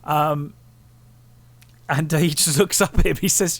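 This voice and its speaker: A man's voice: fairly high pitch, fairly even intonation, unhurried. A man co-hosting a casual film review podcast, retelling scenes and quoting lines in a loose acted voice. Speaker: podcast co-host.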